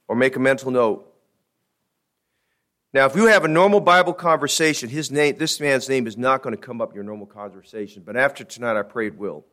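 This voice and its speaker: A male pastor preaching a sermon, telling a folksy joke and then reading scripture slowly and emphatically. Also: mid-range voice, a bit bright.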